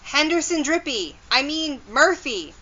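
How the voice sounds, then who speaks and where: A determined young girl detective from a children's storybook, read by a woman. The delivery is slow and earnest, the voice bright. There is a slightly dull, lo-fi quality to the recording. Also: on the high side, animated, exaggerated voice.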